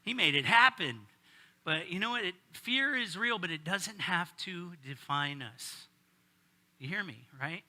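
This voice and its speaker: A man's voice: sits high, expressive, measured pace, pushed and bright. A middle-aged male pastor preaching a casual sermon, joking and bantering with his congregation.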